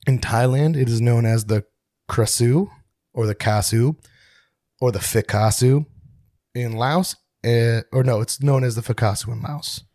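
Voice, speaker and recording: A man's voice: mid-range voice, unhurried, mellow, no echo, clean studio sound. A young man co-hosting a podcast in casual chat, rambling and poking fun at himself. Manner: rambling, self-mocking, laughs often. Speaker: podcast co-host.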